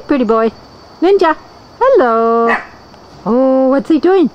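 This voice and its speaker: A woman's voice: high voice, expressive, slow pace, lo-fi sound, slight background noise. A woman filming her pets outdoors on a handheld camera, coaxing them in sing-song baby talk. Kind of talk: home video, talking to pets. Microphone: handheld camera mic.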